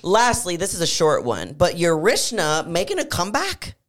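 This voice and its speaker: A woman's voice: lowish voice, huge pitch swings, normal speed. A young adult woman co-hosting a podcast, chatting casually and animatedly with lots of filler words. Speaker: podcast co-host. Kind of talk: casual chat.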